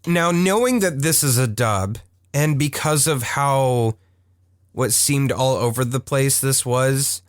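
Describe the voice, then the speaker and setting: A man's voice: mid-range voice, slow, dry recording, studio quality. A man co-hosting a casual cartoon podcast, chatty and laughing often as he talks through the episodes. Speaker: podcast co-host. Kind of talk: casual chat about cartoons.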